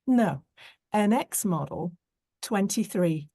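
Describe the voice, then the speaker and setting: A teasing young woman with a sharp tongue, read by a woman narrator, mocking and playful. She speaks slowly and mellowly, in a dry, close recording. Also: mid-range voice, expressive, no echo.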